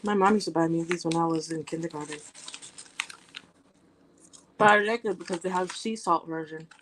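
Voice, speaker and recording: A woman's voice: fairly low pitch, normal speed, fairly bright tone, a little hiss or hum, poor audio. A woman from Massachusetts chatting casually and playfully on her stream. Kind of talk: casual chat.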